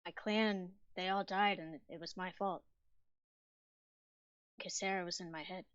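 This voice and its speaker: A woman voicing a dazed, grieving young woman adventurer who speaks in a distant, halting way and repeats herself. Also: fairly low pitch, steady tone, a bit bright, no room sound, dull audio.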